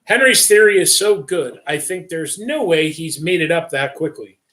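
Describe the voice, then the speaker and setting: A man reads a first-person story aloud on a livestream. His voice is bright and a little pressed, and it sits fairly high. His delivery is steady and plain. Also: moderate pace. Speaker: story reader.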